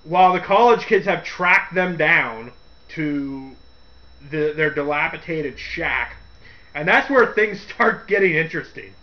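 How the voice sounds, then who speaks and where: A man hosting a radio segment, giving a casual, rambling movie review with frequent laughs and quick character impressions. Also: on the high side, animated, dull audio. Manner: rambling, laughs often, acts out quotes in character voices.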